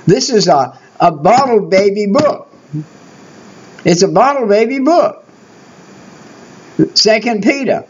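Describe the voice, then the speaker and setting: A man's voice: high-pitched, expressive, slow, long pauses, breathy edge. An older man preaching a Bible teaching sermon, emphatic and repetitive, driving his points home. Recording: dull lo-fi recording.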